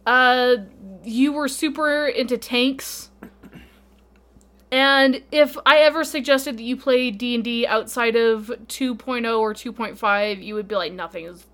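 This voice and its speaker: A woman's voice: a little high, steady tone, unhurried, fairly bright tone. Giggly woman co-hosting a podcast. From Utah, USA. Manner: giggly, playful, talks with many "like" fillers. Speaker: podcast co-host. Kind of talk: casual chat.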